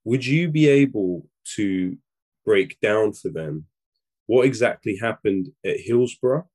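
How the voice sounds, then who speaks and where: A man interviewing a guest, asking questions in a polite, measured way. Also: low-pitched, a little mellow.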